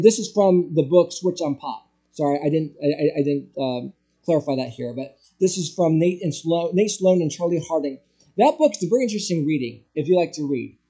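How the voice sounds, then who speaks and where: A pastor lecturing a church group on music, his voice high in pitch yet mellow and dark in tone. He explains patiently, restarting phrases and stressing syllables as he goes. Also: slightly rough. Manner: explanatory, with restarts and spoken emphasis. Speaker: pastor teaching a class.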